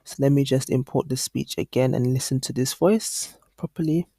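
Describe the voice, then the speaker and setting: In a screen-recorded software tutorial, a male online course instructor thinks aloud casually, often saying "um" and restarting sentences. His medium-pitched voice is creaky and husky at a moderate pace, captured cleanly in a studio with no echo.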